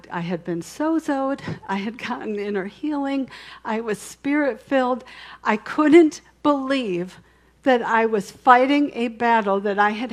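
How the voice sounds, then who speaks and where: A woman giving a conversational sermon testimony, telling her story candidly with frequent restarts and asides, swinging between soft and emphatic. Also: medium pitch. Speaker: speaker sharing a testimony.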